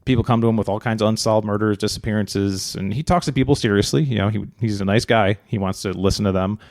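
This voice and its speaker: A man co-hosting a podcast, telling a true-crime story in a relaxed, rambling way with many fillers and joking asides. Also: lowish voice, fast talker, no room sound, clean studio sound. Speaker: podcast co-host.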